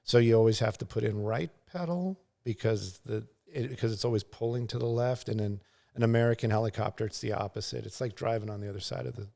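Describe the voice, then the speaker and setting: A man's voice: fairly low pitch, quick pace, vocal fry, warm tone. A middle-aged man, a news pilot and guest, telling a casual, rambling story full of fillers and restarts, and acting out sounds and quotes.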